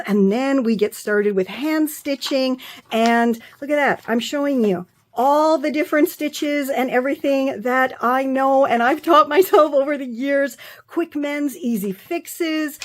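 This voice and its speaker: A woman vlogger talking through her own books, gushing and effusive, often trailing off and restarting, so moved she is near tears. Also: fairly high pitch. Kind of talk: excited casual show-and-tell.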